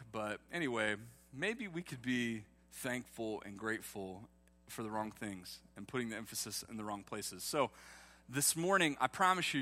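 A man's voice: mid-range voice, sharp tone. A man, preaching a sermon in a livestreamed church and joking with the congregation. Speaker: pastor.

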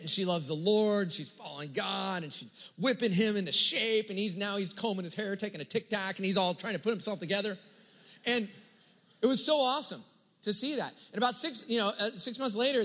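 A man preaching a sermon, telling a story in a casual, lively way and acting out the dialogue. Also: high voice. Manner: conversational, animated retelling with quoted dialogue. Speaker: pastor. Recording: long hall reverb.

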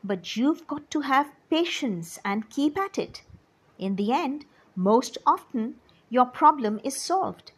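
A woman voicing a kind, patient father in a children's story, in a gentle, comforting tone. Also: sits high, lively intonation, slow pace, slightly rough, heavily acted.

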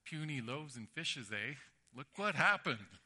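A man voicing an eager, cheeky young boy in a retold story, high and loud. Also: big pitch swings, a little slow, breathy edge, full character voice. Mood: smug.

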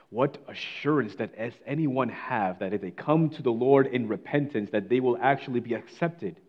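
A man delivering a sermon with a mid-pitched voice. His delivery is dramatic, rising to declaiming passages and sinking to hushed, near-whispered lines. The recording sounds dull and a bit lo-fi. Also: moderate pace, hardly any pauses. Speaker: preacher.

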